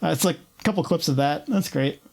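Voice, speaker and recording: A woman's voice: deep voice, lively intonation, fairly quick, vocal fry, a little mellow. A young woman with a New York accent chatting casually on a livestream, rambling, laughing often and swearing freely. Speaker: streamer.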